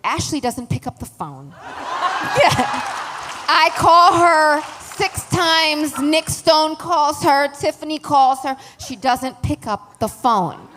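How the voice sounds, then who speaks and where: A woman's voice: high voice, takes it slowly, noisy background. A young woman author on a festival panel, telling a story with laughter and acted-out voices. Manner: lively, laughing, acts out voices of friends. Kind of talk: animated storytelling. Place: large music hall stage. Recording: long hall reverb, faint ambience.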